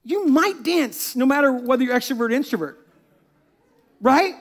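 A pastor with a fairly high voice preaches with animated energy at a moderate pace, laughing at his own asides. When he reads scripture aloud, he softens to a hush.

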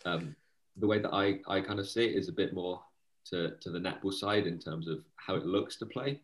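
Young man, very deep voice, keen, hesitant with fillers, casual interview. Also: moderate pace, rough recording. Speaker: university player and committee member.

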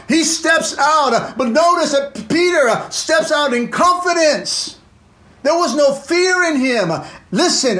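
A pastor delivering an impassioned sermon in a strikingly high voice for a man. He punctuates every thought with "amen" and "come on." He rises to loud bursts and then sinks into hushed, low asides. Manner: fervent preaching, peppered with "amen" and "come on"; swings between loud exclamations and low, quiet asides.

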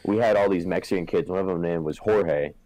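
A man's voice: sits low, steady tone, fast talker, a loud crowd, poor audio. A young man from Southern California in casual chat, rambling with lots of swearing and filler words.

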